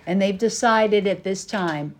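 A woman's voice: medium pitch, a little slow, darkish tone. A woman hosting a casual podcast, chatty and laughing, explaining with playful examples. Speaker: podcast host. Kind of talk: casual chat.

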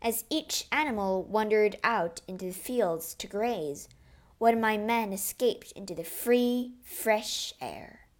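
A woman narrating a storybook adventure in the first person, measured and expressive. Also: medium pitch.

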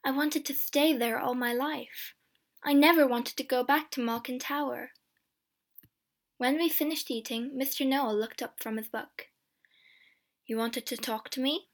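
A woman reading a storybook aloud in a clear, steady first-person narration. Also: sits high, moderate pace.

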